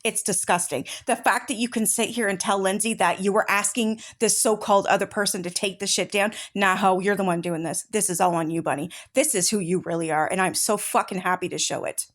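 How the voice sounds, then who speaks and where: Brisk and with few pauses, this woman's medium-pitched voice stays steady and fairly bright. As host of a true-crime commentary channel, she reads out chat messages, then interrupts with angry, cursing, combative rants.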